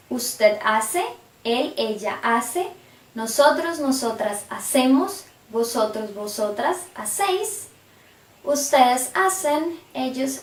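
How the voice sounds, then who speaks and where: A woman teaching a language lesson, reading out verb forms slowly and carefully. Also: sits high. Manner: slow, careful conjugation drills. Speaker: Spanish teacher. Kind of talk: scripted lesson narration. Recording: echoey room, voice from a distance.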